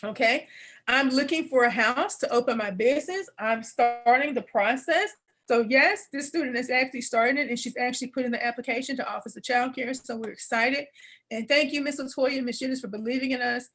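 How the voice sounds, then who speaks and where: A woman presenting an adult education program on a video call, teary and warm as she repeats phrases and laughs. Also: high voice, a little fast, rough recording. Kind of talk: webinar presentation.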